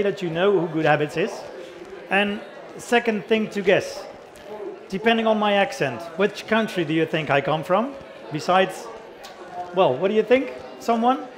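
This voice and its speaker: A middle-aged man with a Dutch accent presents at a conference in a fairly high voice. He talks in a chatty, self-deprecating way and keeps asking the audience questions. A crowd is clearly heard around him. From the Netherlands. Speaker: company founder giving a conference talk. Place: conference hall.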